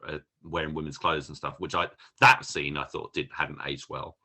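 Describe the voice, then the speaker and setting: A man's voice: very deep voice, little pitch movement, normal speed, pushed and bright, slightly rough. A man co-hosting a film podcast, chatting casually and rambling with many restarts. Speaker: podcast co-host. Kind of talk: casual film review chat.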